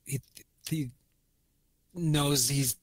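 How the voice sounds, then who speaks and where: A man's voice: a little high, fairly even intonation, drawn-out words, dry recording. A man co-hosting a podcast, chatting casually and dropping wry quips. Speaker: podcast co-host. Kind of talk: casual chat.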